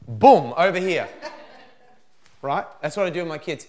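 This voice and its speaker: Animated man giving a parenting seminar. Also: a little high, moderate pace, pauses often. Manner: animated, acts out parent and child lines. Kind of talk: seminar talk with acted examples. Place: room with a live audience.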